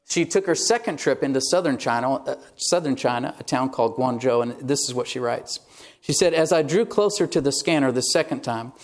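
A male pastor delivering a sermon, telling a story in a conversational way and reading quoted passages aloud. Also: medium pitch.

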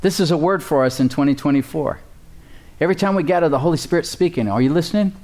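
A man's voice: a little high, fast talker, a little mellow. Man preaching with call-and-response. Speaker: pastor. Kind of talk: sermon.

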